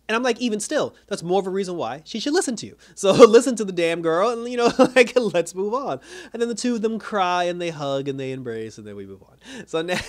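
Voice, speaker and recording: A man giving a casual, animated recap and review of a TV episode, laughing often and acting out the characters' lines. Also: mid-range voice. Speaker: show reviewer.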